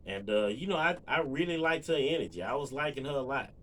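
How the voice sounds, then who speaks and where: Man, casual storyteller; bright, lively delivery full of fillers. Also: mid-range voice, quick pace, a little hiss or hum. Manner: relaxed, rambling, lots of fillers and asides to viewers. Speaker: vlogger.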